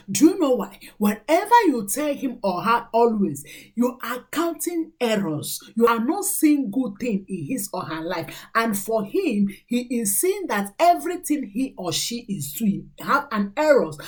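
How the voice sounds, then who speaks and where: A woman's voice: fairly high pitch, darkish tone, breathy edge. A woman, a mother who hosts her own channel, giving earnest, preachy parenting advice to camera and counting off numbered points.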